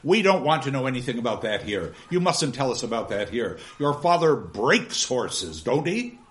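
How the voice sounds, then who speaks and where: A man's voice: mid-range voice, big pitch swings, moderate pace, fairly bright tone. A man reading aloud as a stern, pompous male schoolmaster obsessed with facts, in an emphatic, commanding way. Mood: hectoring. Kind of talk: dramatic reading of a novel.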